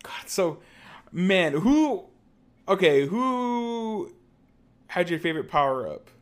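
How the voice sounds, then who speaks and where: A man's voice: high voice, sing-song, takes it slowly. A man co-hosting a podcast in casual chat, talking loosely with many fillers and restarts. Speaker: podcast co-host.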